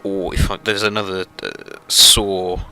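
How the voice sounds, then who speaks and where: A man's voice: low-pitched, level tone, unhurried, sharp tone, soft background music, poor audio. A man hosting a let's play, rambling through casual gameplay commentary with lots of fillers and self-deprecating asides.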